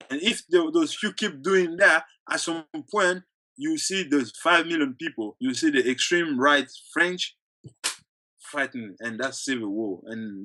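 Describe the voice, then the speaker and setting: A man's voice: on the high side, sharp tone, poor audio. A male activist guest in an interview, talking earnestly and at length, with restarts and short laughs between points. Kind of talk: casual interview talk.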